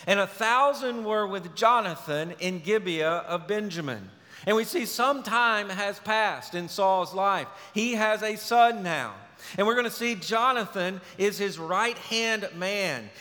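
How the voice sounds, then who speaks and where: A male pastor preaching a sermon, telling a story in a relaxed, conversational way. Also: high voice. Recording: long reverb of a large hall.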